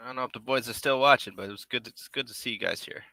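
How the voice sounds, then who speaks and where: A man's voice: mid-range voice, racing, creaky, bright, forceful tone, dry recording. A man making a puppet on a live stream, rambling casually and half to himself as he works. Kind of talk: casual live-stream chat while working.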